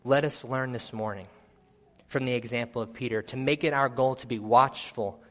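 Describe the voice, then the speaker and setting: A man preaching a sermon and reading scripture in an earnest, measured way, rising for emphasis and dropping low at solemn points. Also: steady tone. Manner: reads scripture aloud with measured pauses.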